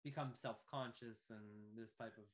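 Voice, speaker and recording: A man hosting an interview podcast, listening more than he speaks. His voice sits in an ordinary middle range, and he chimes in with brief, quiet words of encouragement. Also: medium pitch, fairly even intonation, normal speed. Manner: quiet, encouraging listener who mostly gives short agreement. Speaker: podcast host. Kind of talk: conversational interview.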